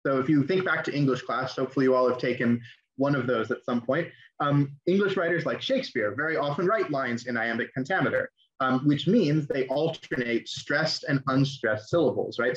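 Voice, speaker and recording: A man's voice: mid-range voice, a little fast. A young man teaching an online class, explaining in a casual way with fillers and restarts. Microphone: video call. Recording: dull lo-fi audio.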